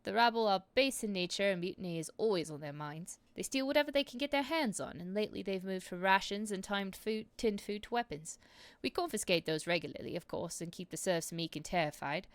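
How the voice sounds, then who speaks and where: A woman's voice: mid-range voice, animated, brisk, no echo, lightly acted. A woman voicing a stern male enforcer captain, officious and scornful, reading game dialogue aloud in stiff formal speech.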